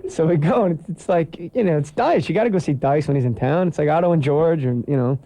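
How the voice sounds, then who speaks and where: Male New Jersey comic guest, high and mellow, joking banter. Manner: fast joking banter, animated. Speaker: comedian guest. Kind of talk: radio talk, storytelling.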